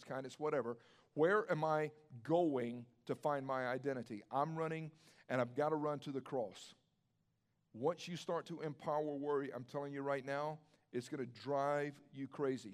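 A man pastor preaching a sermon in a conversational way, asking rhetorical questions and repeating his key phrases for emphasis. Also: a little high.

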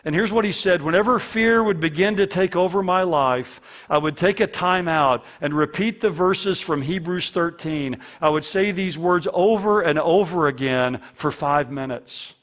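A man's voice: on the high side, normal speed, few pauses, fairly bright tone. A man preaching a sermon as a pastor, earnest and fond of repeating key lines for emphasis.

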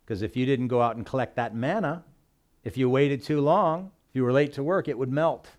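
Male pastor, mid-pitched, plainspoken, casual sermon delivery. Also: fairly quick. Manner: relaxed, folksy, speaks with everyday work analogies. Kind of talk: conversational sermon.

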